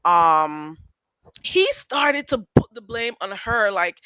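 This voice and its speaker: A woman's voice: mid-range voice, big pitch swings, takes it slowly, a bit bright, dry recording, low-quality recording. A woman, nasal and congested, casually telling a gossip story to her livestream chat with many restarts and asides. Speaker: livestream host.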